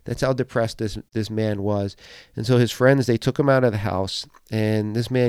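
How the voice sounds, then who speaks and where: A man's voice: lowish voice, fairly even intonation, normal speed, a little mellow, clean tone, no room sound, studio quality. A man preaching a sermon in an earnest, emphatic and encouraging way.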